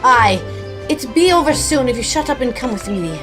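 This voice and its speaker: A woman voicing a gruff, pushy soldier woman with a put-on accent, barking her lines. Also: fairly high pitch, animated, normal speed, loud music behind the voice, natural voice.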